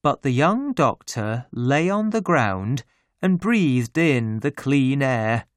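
A man reading a children's story aloud in a clear, expressive way. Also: medium pitch, takes it slowly, no room sound, clean studio sound. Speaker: narrator.

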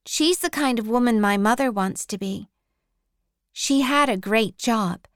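A woman reading a first-person story aloud, slow, careful and clearly enunciated. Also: on the high side, dry recording, studio quality. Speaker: audiobook reader.

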